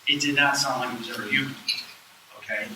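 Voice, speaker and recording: Recorded from a distance in an echoey lecture hall at a live event, a fast-talking man of medium pitch tells casual stories, animatedly performing the dialogue within them. Slight background noise is present.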